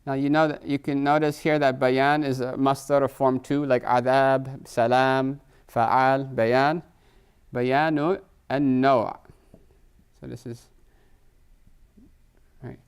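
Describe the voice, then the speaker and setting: This middle-aged man teaches Arabic grammar live, speaking slowly in a level tone with long pauses. His smooth, resonant voice sits at an ordinary pitch, and he explains patiently, checks in with students repeatedly, and mixes Arabic terms into English.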